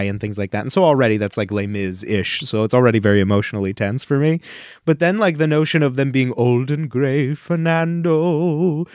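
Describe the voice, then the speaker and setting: A man's voice: medium pitch, darkish tone, no room sound, clean studio sound. Emotional, rambling male podcast host. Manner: gushing, rambling with many fillers. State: tearful, choked up. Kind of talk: casual chat.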